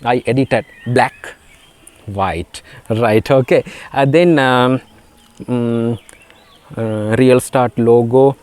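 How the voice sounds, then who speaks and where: A Sri Lankan man whose first language is Sinhala, teaching a beginner spoken English lesson in a halting way, with many fillers and repeated words. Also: mid-range voice, darkish tone.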